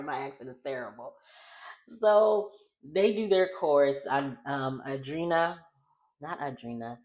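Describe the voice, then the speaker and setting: A woman's voice: sits low, expressive, moderate pace. A woman casually recapping a reality show, chatty and rambling, often correcting herself.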